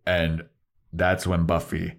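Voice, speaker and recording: A young man co-hosting a podcast, casually retelling TV scenes with lively, swearing play-by-play. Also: low voice, takes it slowly, vocal fry. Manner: animated retelling with quoted character voices, swears freely. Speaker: podcast co-host. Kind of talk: casual recap chat.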